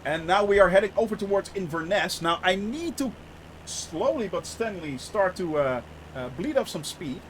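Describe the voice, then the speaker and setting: A young man giving casual live commentary on a flight sim, chatty, laughing often and filling pauses with "uh". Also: high-pitched, lively intonation, a bit bright, a little hiss or hum. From Netherlands.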